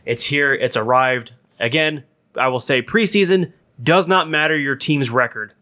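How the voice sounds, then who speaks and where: A man hosting a casual podcast, talking loosely with lots of restarts and stray laughs. His voice is bright and forward. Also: mid-range voice, normal speed. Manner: rambling, laughs often, many restarts. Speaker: podcast co-host.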